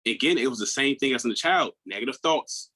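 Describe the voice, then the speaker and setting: A man in his thirties, a podcast guest, telling his own story in a candid, earnest way, often restarting his words and acting out what others said in a higher voice. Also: animated, fairly quick, bright, forceful tone, breathy edge, low-quality recording. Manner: acts out quoted people in a raised voice.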